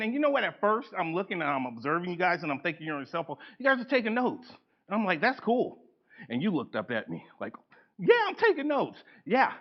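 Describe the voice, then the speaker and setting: Guy running a workshop, voice jumps all over, kinda high, dull lo-fi sound. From United States. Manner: animated, acts out quoted people, laughs often. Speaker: workshop presenter. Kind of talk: live seminar lecture. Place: conference room with a live audience. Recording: dull lo-fi event recording.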